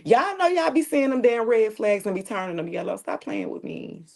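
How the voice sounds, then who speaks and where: A woman's voice: a little high, sing-song, normal speed, vocal fry, darkish tone. A woman reading tarot on a live stream, chatting casually and joking with slang and profanity, often laughing as she talks.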